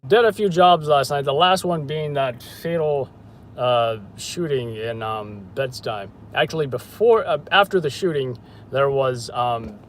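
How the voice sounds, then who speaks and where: A man's voice: medium pitch, measured pace, a little hiss or hum. A man hosting a live news stream, chatting casually in a rambling, hesitant way with lots of fillers.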